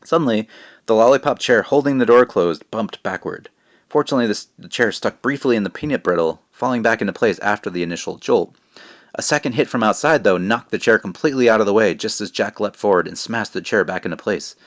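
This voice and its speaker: Guy reading his kids book out loud, lowish voice, lively narrating. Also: fast talker, dull audio. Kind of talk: expressive children's book reading.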